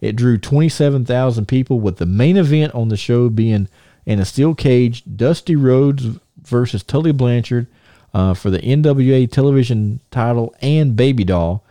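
Guy hosting a podcast, warm low-key voice, rambly and animated, dry close mic. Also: normal speed, no echo. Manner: rambling, many restarts and fillers, animated. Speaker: podcast host. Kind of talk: casual storytelling and show segment intro.

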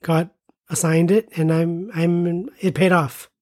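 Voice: medium pitch, flat delivery, slow, darkish tone, no room sound, studio quality. A podcast co-host in casual chat about films, easygoing, with wry asides.

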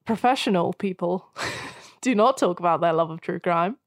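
A woman's voice: lowish voice, normal speed, no room sound, clean studio sound. A young woman co-hosting a true crime podcast, chatty and self-deprecating with frequent laughs. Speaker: podcast co-host. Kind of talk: casual chat.

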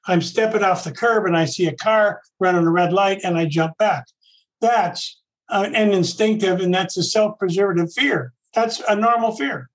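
A man's voice: high voice, normal speed, poor audio. A man giving a casual, conversational talk on a recovery program, often repeating himself and voicing his own inner thoughts aloud.

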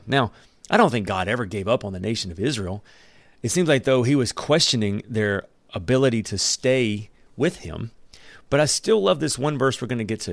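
A man's voice: mid-range voice, gravelly, no room sound. Man, casual Bible teacher, reads verses and cracks jokes, mid-range voice, dry close recording. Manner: conversational, with joking asides and chuckles.

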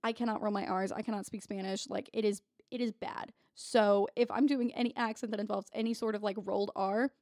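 A woman's voice: mid-range voice, steady tone, fairly quick, hardly any pauses, darkish tone, no echo, studio quality. A woman co-hosting a podcast in casual chat, swearing freely and laughing easily. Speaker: podcast co-host.

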